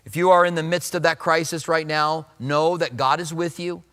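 A man's voice: fairly high pitch, level tone, normal speed, a bit bright, big-room sound. A man preaching a sermon in a conversational way, acting out the voices he quotes. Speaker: pastor.

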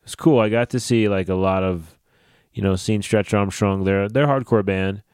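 A man hosting a casual solo podcast, swearing freely and ranting in a lively way. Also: lowish voice, normal speed, clear, resonant tone, dry recording, clean studio sound. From New Jersey / New York area. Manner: profane, animated ranting. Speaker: podcast host.

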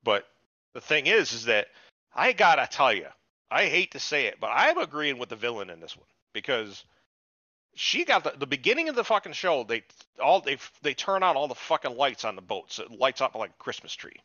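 A man rambles through a profane, animated episode recap, his voice bright and forceful. It sounds dry and close, but the sound is a little dull and lo-fi. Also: mid-range voice, a little fast, dry recording. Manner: profane, rambling, animated retelling with put-on quotes. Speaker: podcast co-host. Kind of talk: casual chat recapping a TV episode.

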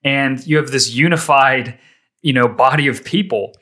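A man's voice: medium pitch, moderate pace, bright, forceful tone. A man talking casually in a podcast-style conversation, explaining ideas with everyday examples and frequent restarts. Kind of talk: casual chat.

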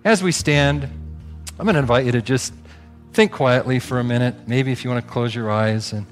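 A man preaching a sermon, telling a story and acting out the dialogue in animated bursts. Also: medium pitch, normal speed, long reverb tail, soft background music. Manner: animated, acts out dialogue with rising volume. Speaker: pastor.

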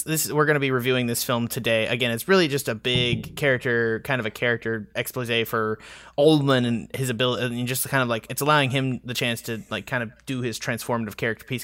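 A man's voice: medium pitch, fast, a bit bright, no room sound. A male podcast host talking casually about a movie, rambling and circling back on himself as he speaks. He has a mid-range voice, and the sound is dry and close to the mic. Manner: rambling, with many fillers and frequent laughs. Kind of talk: casual movie review chat.

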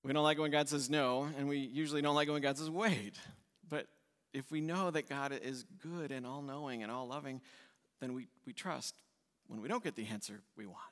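A man's voice: mid-range voice, fairly quick, fairly bright tone. A male pastor preaching a sermon with emphatic delivery, repeating key words in lists. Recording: long reverb in a church hall.

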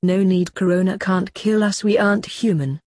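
A woman's voice: medium pitch, moderate pace, darkish tone, dry recording, close to an everyday voice. A woman voicing a selfish, carefree male chicken in a flippant, unbothered way.

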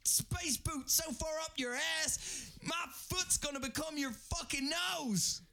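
A man's voice: high-pitched, moderate pace, smooth, close to an everyday voice. Man doing a blustering, cursing space commander. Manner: blustering, profane, bursts into shouting. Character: hot-tempered male space station commander. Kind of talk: improvised comedy sketch.

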